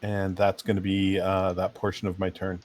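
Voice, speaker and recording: A man's voice: low-pitched, monotone, moderate pace, darkish tone, no echo. A man playing a tabletop game over voice chat, wry and bossy in a joking way. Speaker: player.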